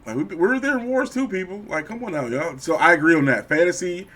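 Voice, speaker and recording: A middle-aged man co-hosts a podcast, chatting casually and profanely and often acting out the voices he quotes. His voice is high and a bit bright, fast, with lively intonation.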